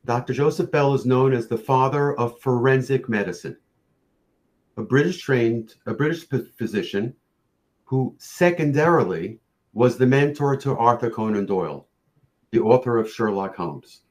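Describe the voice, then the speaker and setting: Man giving a measured presentation. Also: mid-range voice, animated, a little mellow. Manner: measured, storytelling, occasional fillers and restarts. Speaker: orofacial pain practitioner presenting. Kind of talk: presentation lecture.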